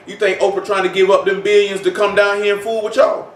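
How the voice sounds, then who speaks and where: Recorded in an echoey room with a distant mic and a little hiss or hum, this male preacher speaks fast in a high-pitched, flat voice. His informal sermon is conversational, full of rhetorical questions and repeated phrases.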